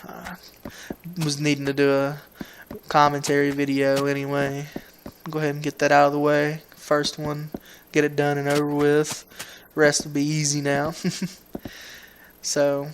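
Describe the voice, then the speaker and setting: A man's voice: fairly high pitch, monotone, measured pace, pauses often, a little hiss or hum. A man with a Southern US accent who hosts a gaming video, rambling through casual commentary at a home computer mic. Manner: rambling, repeats words and restarts, laid-back.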